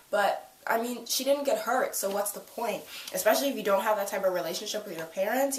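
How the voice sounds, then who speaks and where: A woman's voice: medium pitch, recorded from a distance. Chatty young woman recapping, roomy sound. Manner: chatty, lots of "like" and retold quotes. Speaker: TV review vlogger. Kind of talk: casual recap chat. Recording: roomy, a little off-mic.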